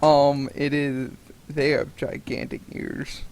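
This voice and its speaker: A man's voice: on the high side, level tone, takes it slowly, darkish tone, a little hiss or hum. A man running a tabletop game as game master, casual and hesitant with many ums.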